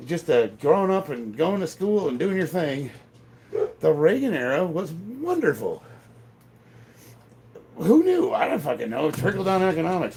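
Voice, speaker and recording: Brief: gravelly fifties male gym vlogger, lively delivery, blunt and profane, faint room hum. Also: a little high. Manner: profane, blunt, laughs often. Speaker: strength training vlogger. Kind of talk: casual rambling chat while lifting. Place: home gym.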